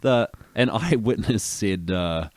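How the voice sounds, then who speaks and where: A man's voice: fairly low pitch, lively intonation, slow, a little mellow. A young man, co-hosting a podcast, reading news items and riffing with jokes. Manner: easygoing, reads news then riffs with jokes. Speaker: podcast co-host. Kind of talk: casual chat and news reading.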